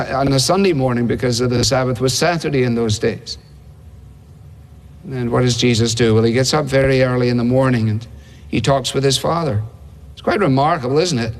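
A man's voice: mid-range voice, fairly even intonation, fairly quick. Conversational male preacher in a reverberant hall. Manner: conversational, rhetorical questions. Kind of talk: sermon.

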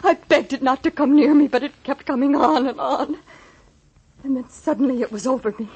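A terrified young woman stuck in bed with a hurt shoulder, in an old-time radio drama. Her voice sits high and she talks breathlessly, pleading and close to tears. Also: brisk, darkish tone, highs cut off. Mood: shaken. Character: frightened young woman, injured and bedridden. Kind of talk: 1930s radio drama acting.

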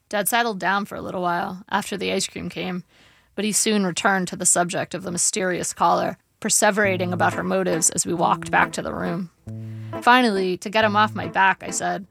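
Female memoir narrator, measured and wry, with gravelly fry. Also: on the low side, fairly even intonation, fairly bright tone. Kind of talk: memoir audiobook reading. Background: faint guitar music.

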